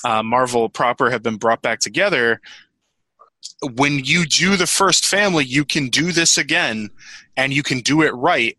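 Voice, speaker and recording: A man's voice: medium pitch, sharp tone, no room sound, rough recording. A man co-hosting a podcast, talking casually and animatedly, swearing and restarting his sentences as he rambles. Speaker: podcast co-host. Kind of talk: casual chat.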